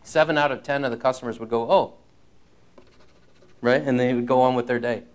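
A man's voice: mid-range voice, steady tone, quick pace. Earnest middle-aged man preaching. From Canada. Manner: earnest, urgent, repeats key phrases. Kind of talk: sermon.

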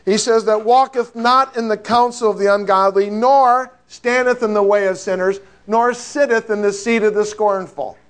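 A man's voice: sits high, fairly even intonation, normal speed, hardly any pauses, smooth. A man preaching a sermon in a conversational, joking way, asking his listeners rhetorical questions.

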